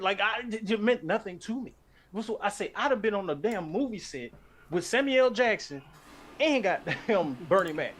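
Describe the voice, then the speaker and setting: Animated high bright-voiced man storytelling. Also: normal speed. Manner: animated, swears freely, acts out quotes. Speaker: streamer host. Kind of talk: casual storytelling chat.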